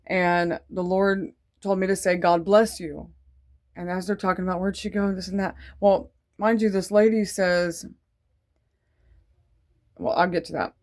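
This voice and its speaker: A woman's voice: lowish voice, level tone, measured pace, pauses often. A woman casually telling a faith testimony in a rambling, digressive way, full of fillers, earnest and devout. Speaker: Christian testimony vlogger.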